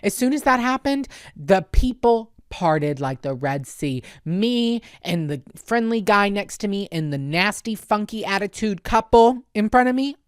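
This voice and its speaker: A man's voice: high voice, unhurried, hardly any pauses, clear, resonant tone, dry recording. Dramatic guy ranting through a funny travel story, voice jumps all over, dry close mic. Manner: animated, exasperated and dramatic. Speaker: podcast host. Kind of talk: comedic storytelling monologue.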